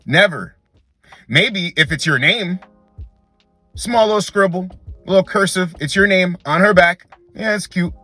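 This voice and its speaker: Young man, dating advice host, blunt and emphatic, bro-heavy talk, slightly high, sharp forceful tone. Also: measured pace, long pauses, dry recording, soft background music. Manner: blunt, emphatic, keeps calling the listener bro. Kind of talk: direct-to-camera advice monologue.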